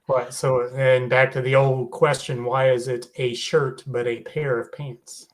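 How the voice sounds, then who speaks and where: A man co-hosting a podcast who chimes in with quick quips in casual chat. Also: mid-range voice, level tone. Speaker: podcast co-host.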